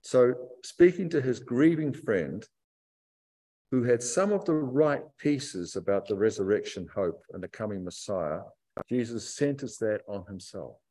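A man preaching a sermon to a church congregation, reflective and emphatic, stretching key phrases out slowly. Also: lowish voice, lively intonation, warm tone. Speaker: pastor.

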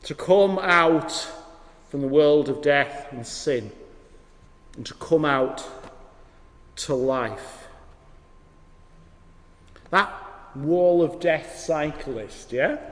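A man preaching as a vicar, with wry storytelling and sudden drops to hushed emphasis. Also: on the high side, drawn-out words, long pauses. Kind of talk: sermon. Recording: long hall reverb.

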